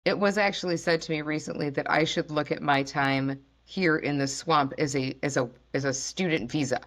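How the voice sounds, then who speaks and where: Low-voiced chatty woman podcast host. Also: moderate pace. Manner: animated, chatty with fillers. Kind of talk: casual chat.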